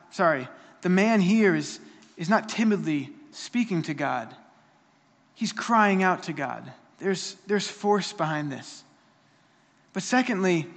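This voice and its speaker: A man's voice: high-pitched, fairly bright tone, big-room sound. A man preaching a sermon, earnest and emphatic, often restarting his phrases.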